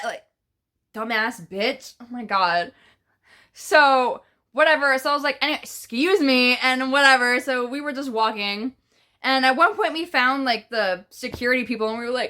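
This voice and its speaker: A woman telling a casual storytime to camera, chatty and profane, full of fillers and animated retellings of what she said. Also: sits high, a little fast. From New York. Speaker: vlogger.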